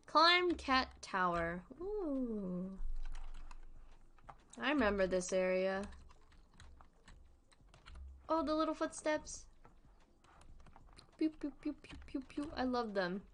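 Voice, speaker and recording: A woman's voice: mid-range voice, pushed and bright. A 22-year-old woman streaming a game, chatting casually and playfully with frequent giggles. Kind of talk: casual gameplay chat.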